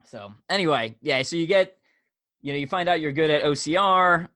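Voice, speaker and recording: A man hosting a casual sports podcast, with a slightly higher voice and dry, close sound. He asks friendly questions that ramble and restart. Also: animated, moderate pace, bright, forceful tone, no echo. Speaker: podcast host. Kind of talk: casual interview chat.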